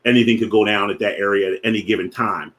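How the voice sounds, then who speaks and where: A man's voice: on the low side, steady tone, a bit bright. Philadelphia-accented man explaining finance. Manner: deliberate, repeats definitions slowly for emphasis. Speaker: finance show host.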